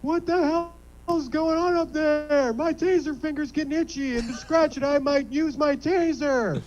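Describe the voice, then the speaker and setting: A man voicing an angry, taser-toting yokel waiting at the back of a hot dog line, with a shrill, indignant delivery. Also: normal speed, highs cut off, a little hiss or hum. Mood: irate. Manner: shouty, indignant, high-pitched.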